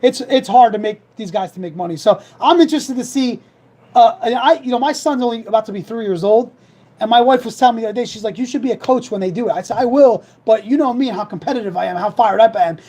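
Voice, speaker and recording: A young man from hosting a sports talk show, rambling fast and reading sponsor plugs in a fired-up, casual way. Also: very high voice, warm tone, poor audio.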